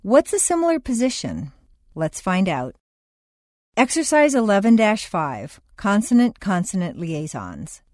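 A woman reads a training lesson, announcing each heading and rule in a clear, measured way. Her pitch swings up and down with a lively lilt, and the recording is dry and close, with no room sound. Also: dry recording. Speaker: narrator of an accent lesson. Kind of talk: scripted instructional reading.

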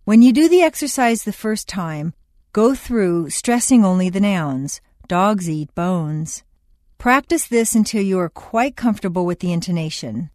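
A woman's voice: mid-range voice, animated, normal speed, a little mellow, no echo. Woman announcing lesson headings, dry sound. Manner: plain, announcing tone for headings and instructions. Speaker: narrator. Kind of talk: scripted audio lesson.

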